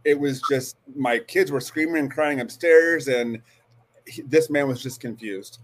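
A man in his forties speaks as a guest in an interview, earnest and halting. He restarts his sentences often and settles into a steady, medium-pitched voice. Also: noisy background. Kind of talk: storytelling interview.

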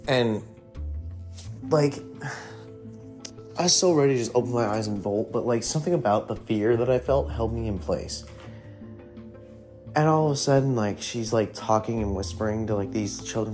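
A man's voice: lowish voice, normal speed, long pauses, darkish tone. A young man casually telling a ghost story from his youth, rambling and swearing, with lots of fillers. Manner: profane, rambling, heavy with fillers. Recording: faint guitar music behind.

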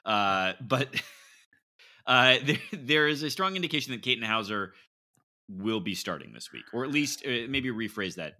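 A man's voice: medium pitch, big pitch swings, moderate pace, bright, forceful tone. A man hosting a casual sports podcast, bantering loosely and laughing through his lines. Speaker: podcast host.

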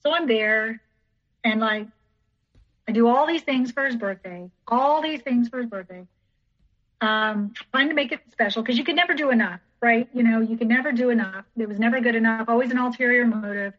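Woman, podcast guest, recounts her past in a rambling, repetitive way; fairly high voice; muffled lo-fi recording. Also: fairly quick. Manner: rambling, repeats herself, acts out others' lines. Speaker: teacher. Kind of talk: personal storytelling in an interview. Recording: dull lo-fi recording.

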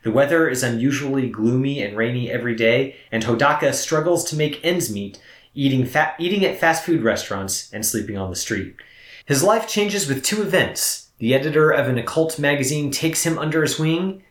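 A man co-hosting a film review podcast, explaining in a measured way with some gentle teasing. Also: mid-range voice. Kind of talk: conversational podcast talk. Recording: roomy echo.

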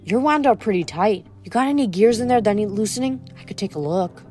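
A woman's voice: medium pitch, animated, brisk, darkish tone, soft background music, natural voice. A woman voicing a wisecracking teenage boy mechanic with a cheeky, joking manner.

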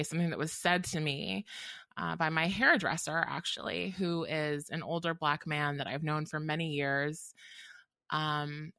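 A woman's voice: deep voice, pushed and bright, clean tone, dry recording. A woman author in an interview, speaking thoughtfully and earnestly, with frequent ums and restarts. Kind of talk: reflective interview talk.

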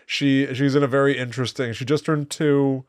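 A man co-hosts a podcast in casual conversation with a mid-range voice. He tells stories, and he turns lively when he acts out what others said. The sound is dry and close. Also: medium pitch, normal speed, no room sound. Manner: storytelling, animated when quoting. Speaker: podcast co-host. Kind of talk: casual chat.

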